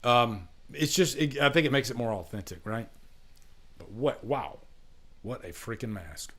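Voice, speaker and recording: A man's voice: medium pitch, a little slow, a bit bright. Rambling man hosting a live stream. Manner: rambling, repeats himself, many fillers. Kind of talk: casual live stream chat. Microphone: webcam.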